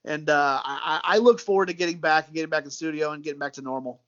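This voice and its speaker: High-voiced Midwestern man chatting casually. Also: fast, muffled recording. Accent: Midwestern American. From United States. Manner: relaxed, repeats words, says "dude" and "man". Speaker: guest, sports podcaster. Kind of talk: casual chat.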